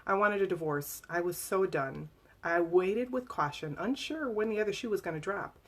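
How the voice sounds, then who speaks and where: A woman reading aloud from her own memoir to a live audience, emotional and halting, with fillers and restarts. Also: medium pitch.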